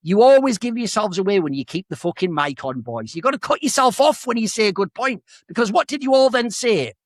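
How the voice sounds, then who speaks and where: A man co-hosting a film podcast, ranting in a profane, animated way in casual chat. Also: high voice, brisk, dry recording, studio quality. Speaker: podcast co-host.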